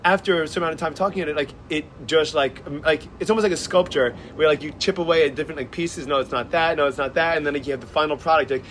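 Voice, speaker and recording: A man's voice: fairly high pitch, very fast, few pauses, fairly bright tone, a little hiss or hum. A man chatting as a podcast guest, rambling with many "like"s and restarts. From Israel and the United States. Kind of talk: casual conversation.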